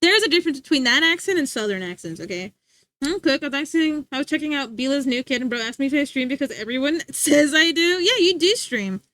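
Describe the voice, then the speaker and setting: A woman's voice: high voice, lively intonation, fast talker, a bit bright, dry recording. A woman livestreamer chatting casually with her viewers, giggly and full of filler words.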